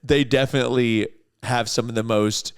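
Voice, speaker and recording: A man co-hosting a podcast in relaxed, rambling casual chat. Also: medium pitch, normal speed, smooth. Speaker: podcast co-host.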